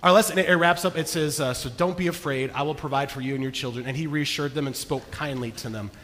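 Man, pastor, sermon, high voice, earnest, hushed to emphatic, long hall reverb. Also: fast talker.

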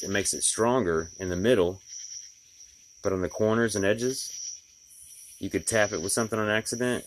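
A middle-aged glass installer with a deep voice tells stories about his day for a casual personal vlog, rambling in a folksy way with plenty of fillers. There's slight background noise.

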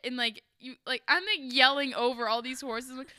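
A young woman co-hosts a podcast and eagerly jumps in to retell the story, packing her speech with "like". Her voice sits high and sounds bright. The mic is close and dry. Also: normal speed, clear, resonant tone, no echo. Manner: excitable, jumps in, dense with "like". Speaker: podcast co-host. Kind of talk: casual storytelling chat.

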